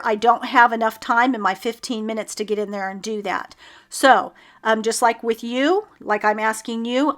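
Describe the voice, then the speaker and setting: A woman's voice: fairly high pitch, a bit bright. A woman, chatting casually through a home decluttering video with frequent ums and little laughs at herself. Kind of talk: casual how-to voice-over.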